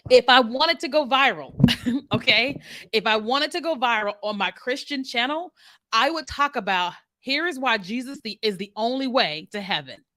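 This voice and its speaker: Bright-voiced chatty woman. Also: on the high side. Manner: chatty, animated, with laughs and asides. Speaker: marketing strategist. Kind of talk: casual direct-to-camera talk.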